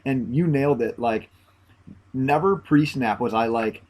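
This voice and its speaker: A man in casual podcast talk about football, his pitch sitting in the middle range. He speaks in a relaxed way, often hedging and drawing out his phrases. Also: a little slow. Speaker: podcast co-host. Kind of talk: casual sports chat.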